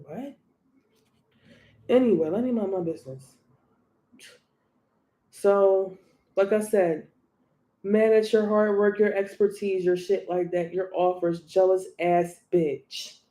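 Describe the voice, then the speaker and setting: A woman's voice: mid-range voice, fairly even intonation, takes it slowly, long pauses, warm tone. A woman doing a tarot reading in a blunt, profane, emphatic way, often laughing. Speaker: tarot reader. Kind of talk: casual tarot reading rant.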